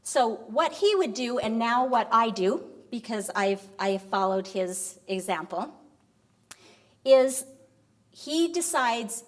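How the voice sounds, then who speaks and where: A middle-aged woman giving a lecture, telling a story in an animated way and acting out the dialogue. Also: on the high side, slow pace. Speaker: university vice president giving a lecture.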